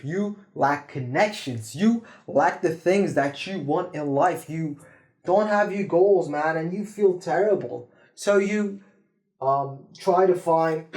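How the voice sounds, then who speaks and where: Profane, rambling self-improvement vlogger man. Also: on the high side. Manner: profane, rambling, swings between loud bursts and quiet asides. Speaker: self-improvement video host. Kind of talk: casual monologue to camera.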